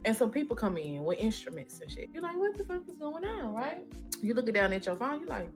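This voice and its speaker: A woman telling a second-person storytime, profane and slangy, acting out the voices as she goes. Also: mid-range voice.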